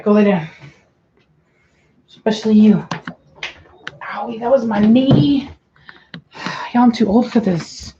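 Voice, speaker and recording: A woman's voice: mid-range voice, darkish tone, slight background noise. A middle-aged woman talking casually to her dogs and soothing newborn puppies in baby talk. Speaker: dog breeder filming a puppy watch. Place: home room with dogs. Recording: dull distant home recording.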